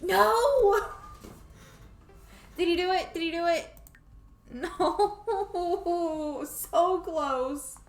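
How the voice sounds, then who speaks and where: Woman gaming commentary, high voice, slow talker, kinda echoey room w music under. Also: fairly even intonation. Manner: playful, scolding the game characters, laughing. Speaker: gamer streaming a life sim. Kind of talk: casual let's play commentary.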